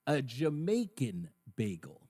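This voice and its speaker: A man hosting a call-in talk radio show, lively and laughing at his own jokes. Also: medium pitch, slow pace, dry recording, studio quality. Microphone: studio microphone.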